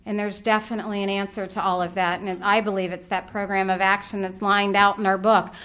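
A woman's voice: mid-range voice, brisk, clear, resonant tone. A middle-aged woman speaking at a recovery workshop, telling a story with humour and acting out her own thoughts. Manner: animated, humorous, acts out her own thoughts.

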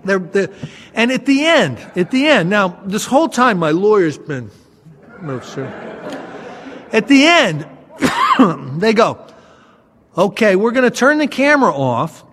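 High-voiced man telling a story in a hall. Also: unhurried, long pauses, slight background noise. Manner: self-mocking, animated storyteller. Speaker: speaker sharing a recovery story. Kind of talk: storytelling talk to an audience. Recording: long hall reverb.

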